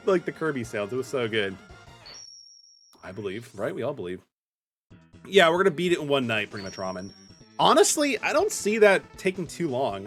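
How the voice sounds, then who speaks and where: A man's voice: fairly high pitch, a bit bright. A man streaming a game live, chatting casually with his viewers as he plays, with lots of fillers and restarts. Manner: chatty, talks to chat viewers by name while playing; loose filler-heavy talk with many restarts. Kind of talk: casual livestream chat. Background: faint game music.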